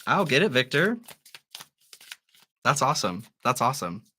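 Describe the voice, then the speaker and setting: A man hosting a live tarot reading, musing through the cards in a gently encouraging way. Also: mid-range voice, sing-song, normal speed, breathy edge. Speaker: tarot reader.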